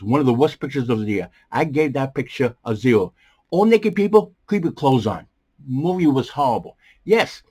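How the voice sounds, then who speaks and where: Animated New man reviewing movies. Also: mid-range voice. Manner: animated, jumps around, many fillers and restarts. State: strained voice, coughing. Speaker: host of a movie review show. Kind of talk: casual rambling commentary. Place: small bedroom studio.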